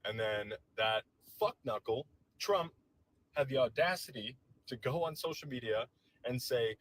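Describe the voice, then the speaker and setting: A man's voice: mid-range voice, animated, normal speed, a bit bright, poor audio. A man delivering a heated, profane and sarcastic political rant to camera, visibly agitated. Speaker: political commentator.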